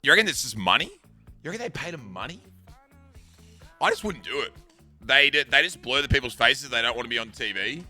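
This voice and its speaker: A man's voice: mid-range voice, very animated, a little fast, long pauses, sharp tone, faint music behind. A man with an Australian accent chatting casually on a stream, rambling through stories in a laid-back, swearing manner.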